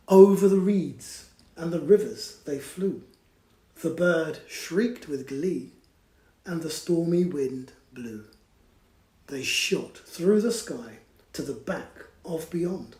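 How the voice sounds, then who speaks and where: A man reads a bedtime picture book slowly and expressively, his pitch leaping around as he hushes to whispers and asks children to join in. The room has a noticeable echo. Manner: animated, drops to whispers, invites children to join in. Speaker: children's storyteller. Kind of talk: read-aloud storytime for children.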